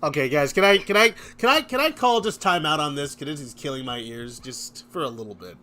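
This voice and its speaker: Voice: mid-range voice, animated, fairly quick, sharp tone. A stream co-host chatting playfully on a group voice call and reading viewer comments aloud. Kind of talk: casual group chat on a voice call.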